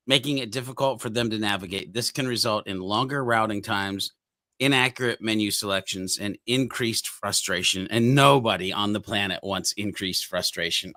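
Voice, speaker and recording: A man co-hosting a podcast, reading update notes aloud and riffing on them in a jokey, energetic way. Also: lowish voice, dry recording. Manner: energetic, jokey, reads items aloud then riffs. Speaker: podcast co-host. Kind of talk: casual chat.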